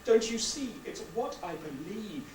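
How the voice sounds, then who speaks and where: A woman playing a restless, questioning husband on stage, intense and swinging between hushed words and shouts. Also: mid-range voice, sing-song, measured pace. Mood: impassioned. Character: troubled questioning husband, adult man. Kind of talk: stage acting. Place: theatre stage. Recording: echoey hall from far off, noisy.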